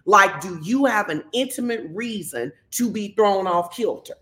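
A woman pastor, giving a conversational sermon and telling stories lively, acting out the quotes. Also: mid-range voice, measured pace. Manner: animated storytelling, acts out quotes.

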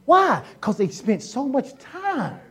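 Her voice is high and husky with a fairly bright tone, swinging hugely in pitch as she speaks slowly. This woman's sermon is casual and full of jokes, with acted-out voices and sounds and plenty of repetition for emphasis in everyday speech.

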